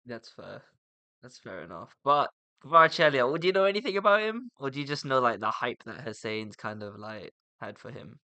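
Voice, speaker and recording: A young man co-hosting a football podcast, upbeat and steering the chat with quick questions. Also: medium pitch, expressive, pushed and bright, dry recording. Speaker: podcast co-host.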